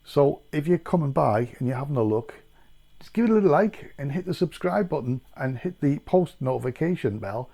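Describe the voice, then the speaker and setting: A man with a warm, medium-pitched voice chats casually in a food taste-test vlog. He rambles a lot, plugging gaps with plenty of ums and uhs.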